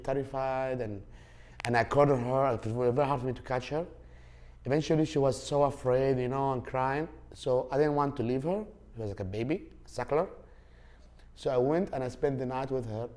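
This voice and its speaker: A man's voice: medium pitch, darkish tone. Rambling man. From Saudi Arabia. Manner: rambling, with many fillers and restarts. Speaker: podcast host. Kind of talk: casual storytelling.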